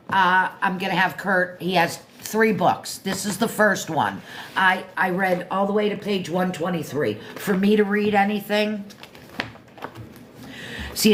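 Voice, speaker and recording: An older woman from Florida with a low, deep voice, hosting her own show and chatting casually about a book, self-joking and talking straight to listeners. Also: fairly bright tone, a little hiss or hum. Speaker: show host reviewing a book. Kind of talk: casual rambling monologue.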